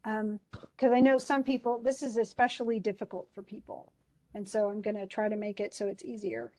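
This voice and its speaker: A woman's voice: medium pitch, little pitch movement, fairly quick, mellow, no echo. A woman teacher casually explaining a play, chatty, restarting often and paraphrasing in slang.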